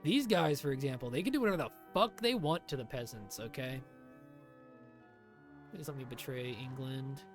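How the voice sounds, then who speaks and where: Male streamer, live gameplay commentary, sarcastic, mid pitch, light music under. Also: lively intonation, moderate pace. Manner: sarcastic, swings from mutters to shouts.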